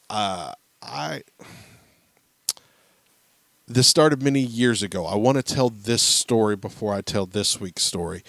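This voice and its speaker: Low-voiced guy, podcast co-host, acts out the lines while he tells a dad story, dry close sound. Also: dry recording. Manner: animated storyteller acting out quotes. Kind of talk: casual chat, storytelling.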